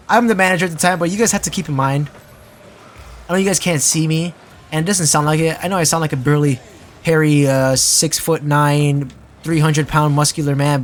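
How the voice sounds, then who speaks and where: A young man telling a casual story as a vlogger, rambling with lots of fillers and restarts and swearing freely. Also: on the high side.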